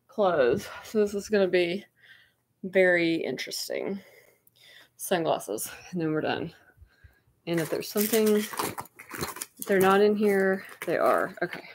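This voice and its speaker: Slow-talking woman livestream host. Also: on the low side, poor audio. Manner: scattered, talks to viewers while hunting for things. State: out of breath. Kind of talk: casual livestream chat.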